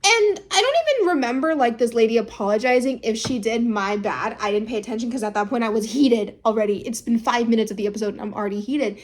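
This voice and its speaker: A woman's voice: fast talker, hardly any pauses. A young woman recapping a drama in a casual, chatty way, peppering her talk with "like" and "okay" and jumping into voices for the people she quotes. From United States. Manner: animated, jumps into high-pitched voices for quoted people.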